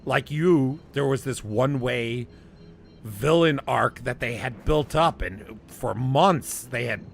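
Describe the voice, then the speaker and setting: A man's voice: medium pitch, slow, creaky, soft background music. A man telling a long, rambling personal story in casual chat, often laughing and restarting.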